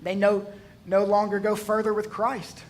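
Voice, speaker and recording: A man's voice: high-pitched, completely flat delivery, moderate pace. A male pastor preaching a sermon, mixing jokes into his storytelling and swelling to emphatic peaks.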